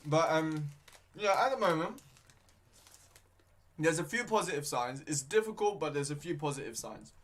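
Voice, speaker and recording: Higher-voiced man rambling about football. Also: animated, normal speed, long pauses, a bit bright, slight background noise. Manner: rambling, hesitant, many fillers; talking with his mouth full at times. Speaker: football watchalong streamer. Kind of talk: casual live match commentary.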